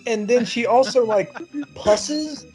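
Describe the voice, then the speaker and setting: A man's voice: very high voice, slow pace, a little mellow, soft background music. A man co-hosting a podcast, joking animatedly and swearing about a movie. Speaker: podcast co-host. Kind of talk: casual movie-review chat.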